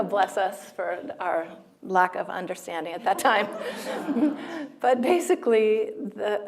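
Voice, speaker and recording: An American woman giving a spiritual talk to an audience, gentle and unhurried, laughing often and sometimes dropping to a near whisper. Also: medium pitch. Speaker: speaker at a healing talk.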